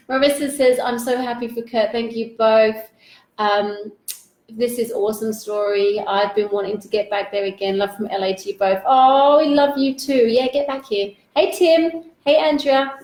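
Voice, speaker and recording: A bright, effusive woman hosts a live chat, gushing over comments and guests with loose, casual language. Her voice sits a little high. The room around her rings with echo. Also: steady tone, normal speed. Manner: bubbly, effusive, casual swearing. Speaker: host. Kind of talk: live interview, reading viewer comments. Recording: echoey room.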